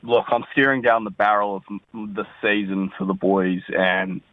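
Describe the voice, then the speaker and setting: A glum man with a New Zealand accent leaves a candid, sweary message. His voice sits low and comes through a tinny phone line. It sounds dry and close. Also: steady tone, moderate pace, no echo. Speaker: caller.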